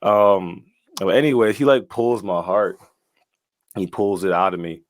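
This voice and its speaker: A man's voice: on the low side, unhurried, no echo, studio quality. A young man telling his story casually as a guest, slangy and often laughing, with lots of "like" and "bro.".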